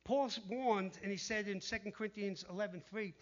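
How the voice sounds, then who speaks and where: A man preaching a sermon in an animated way, dropping to a hush when he quotes the tempters. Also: high voice, brisk, hardly any pauses. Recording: dull lo-fi sound.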